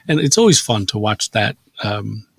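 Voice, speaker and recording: Low, gravelly man telling stories. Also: moderate pace, no echo. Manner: relaxed storytelling, acts out patients' quotes. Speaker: acupuncturist, podcast guest. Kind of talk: casual podcast chat.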